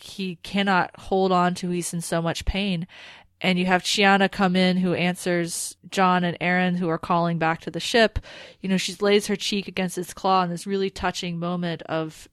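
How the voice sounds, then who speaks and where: A woman's voice: lowish voice, moderate pace, clean tone, no echo. A woman co-hosting a podcast, talking casually and animatedly about a TV episode. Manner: animated, rambling, with restarts. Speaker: podcast co-host.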